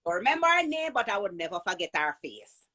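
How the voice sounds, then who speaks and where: A woman's voice: medium pitch, very animated, fast, pushed and bright. A woman with a Jamaican accent tells a personal story with vivid energy. She slips into the voices of the people she quotes and often repeats or restarts her phrases. Her voice sits in an ordinary middle range. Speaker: guest telling a birth story.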